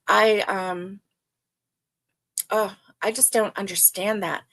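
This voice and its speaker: A woman's voice: mid-range voice, expressive, a little slow. An older woman hosting a casual livestream chat, reading viewer comments aloud and talking with many fillers. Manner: chatty, warm, with many fillers. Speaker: livestream host.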